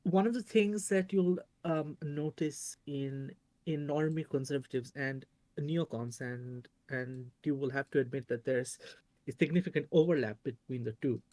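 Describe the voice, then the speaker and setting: Male co-host, Indian accent, lively and joking, dry close sound. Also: mid-range voice, dry recording. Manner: expressive, quick to agree and joke. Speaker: podcast co-host. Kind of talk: casual livestream chat.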